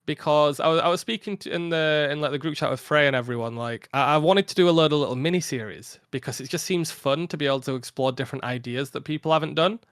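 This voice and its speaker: Tired young man chatting, slightly high. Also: quick pace, hardly any pauses, no room sound, studio quality. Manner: rambling, laughs often, a little flat from fatigue. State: tired after a long day. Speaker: podcast guest, content creator. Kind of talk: casual podcast chat.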